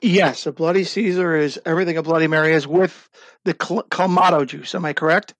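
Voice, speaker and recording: An excitable man with a high voice, recorded dry and close, tells his story as an interview guest. He trips over his words and restarts often, then pushes on with enthusiasm. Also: a little fast, dry recording. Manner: excited, with many stumbles and restarts. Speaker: guest, drink brand founder. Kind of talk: animated storytelling in a podcast interview.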